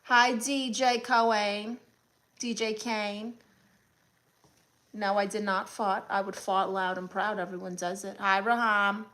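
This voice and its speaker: A woman's voice: medium pitch, flat delivery, slow pace, a bit bright. A woman with a Brooklyn accent, hosting a live stream and answering chat comments one by one with sassy, blunt comebacks. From Brooklyn, New York.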